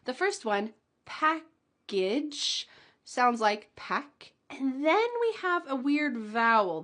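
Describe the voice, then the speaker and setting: Woman, pronunciation teacher; slightly high voice, slow deliberate delivery, crisp enunciation of each word. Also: fairly bright tone. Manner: slow, clearly enunciated demonstrations with light laughs. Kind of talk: pronunciation lesson.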